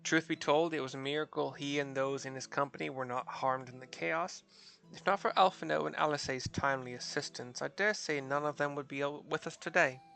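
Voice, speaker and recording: A man voicing a composed woman leader, reading her formal lines in a measured way and correcting himself. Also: a little high, vocal fry, sharp tone, soft background music. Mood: earnest.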